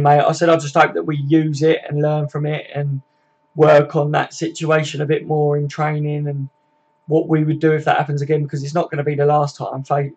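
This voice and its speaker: A man's voice: fairly high pitch, darkish tone. A young man hosting a live stream, chatting casually, reading out viewers' comments, swearing freely and tagging questions onto his sentences.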